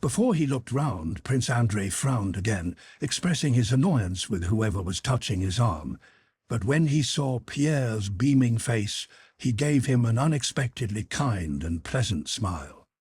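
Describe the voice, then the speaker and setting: A man reading a classic novel aloud as an audiobook narrator, in a measured, expressive way. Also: on the low side, breathy edge, no room sound, studio quality.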